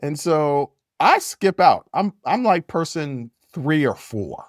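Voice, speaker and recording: A man hosting a podcast, telling a story in a casual, animated way, repeating phrases and jumping his voice up when he gets worked up. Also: takes it slowly, no room sound, clean studio sound. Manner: animated, repeats phrases, jumps to high yells when quoting. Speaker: podcast host.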